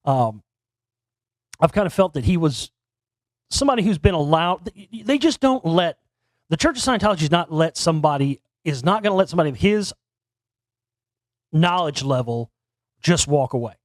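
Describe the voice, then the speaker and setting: A man's voice: on the high side, very animated, normal speed, pauses often, no echo, studio quality. A man hosting a talk show alone, giving casual commentary into a desk microphone and rambling with many restarts and repeated words. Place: home studio near Dallas.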